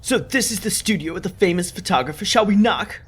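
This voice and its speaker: A man's voice: high voice, brisk. A man casually commenting on a game and reading the hero's lines aloud. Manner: animated, chatty, reads lines aloud. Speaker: let's play host.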